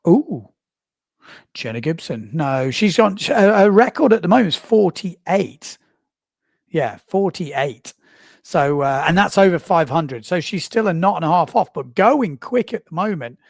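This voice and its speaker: A man's voice: fairly high pitch, animated, unhurried, creaky, no echo, studio quality. A man hosting a live stream, chatting casually while reading out viewer comments, laughing often and poking fun at himself. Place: small live booth.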